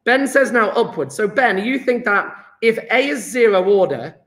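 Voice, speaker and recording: A man's voice: sits high, expressive, moderate pace, fairly bright tone. A man teaching a live online chemistry lesson, chatty and encouraging, quizzing students by name. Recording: echoey room.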